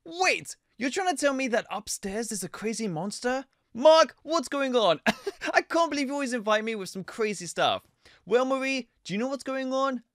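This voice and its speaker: A young man hosting a game video, giving excitable commentary with frequent laughs and loud squeals. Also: very high voice, normal speed, no echo, clean studio sound. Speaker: gaming video host.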